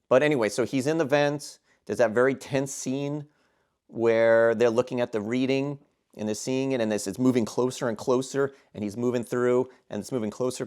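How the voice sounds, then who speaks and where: A man giving a casual film review monologue, enthusiastic and rambling, with frequent restarts and fillers. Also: mid-range voice. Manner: enthusiastic, gushing.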